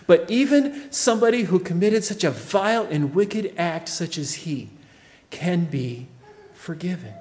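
Man, pastor, preaching a sermon, emphatic rises and soft drops, slightly raised pitch, echoing church hall. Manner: emphatic preaching, swells loud then drops low.

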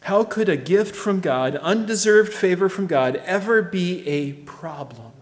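A man preaching a sermon as pastor, emphatic, swinging from loud declarations to quiet, low phrases. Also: expressive, measured pace, long reverb tail.

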